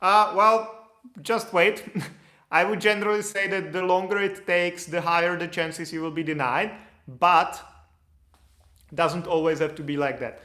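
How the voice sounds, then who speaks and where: Guy answering viewer questions, kinda high voice, rambly explaining, echoey room. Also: steady tone, a little slow, bright, forceful tone. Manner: explanatory, loose, with fillers and restarts. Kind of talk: casual Q&A livestream.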